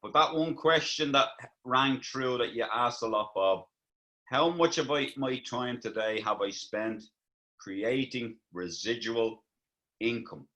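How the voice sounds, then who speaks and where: A man's voice: medium pitch, slow, bright, forceful tone, poor audio. An Irish man from Ireland calling in to a group video call, talking earnestly and reflectively in a motivational way. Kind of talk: casual chat.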